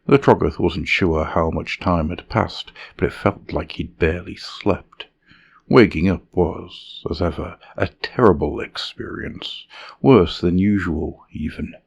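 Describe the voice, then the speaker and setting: A man narrating a dark fantasy tale in a measured, dramatic way. His voice is deep and gravelly, and the recording sounds a little dull and lo-fi. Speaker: storyteller.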